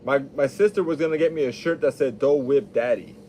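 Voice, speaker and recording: A man's voice: medium pitch, fast, mellow, slight background noise. A young adult man hosting a podcast, talking casually in a rambling, profane, laid-back monologue.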